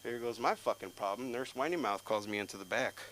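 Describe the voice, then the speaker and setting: A young man doing stand-up at an open mic, telling rambling, profane stories and breaking into loud outbursts. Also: mid-range voice, a little fast, low-quality recording. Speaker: stand-up comic.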